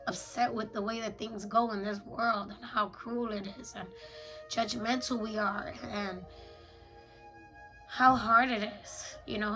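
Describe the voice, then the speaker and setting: A woman's voice: mid-range voice, sharp tone, low-quality recording. A woman in her thirties speaking in a candid confessional journal, weary and blunt, swearing often. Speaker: mother journaling on camera.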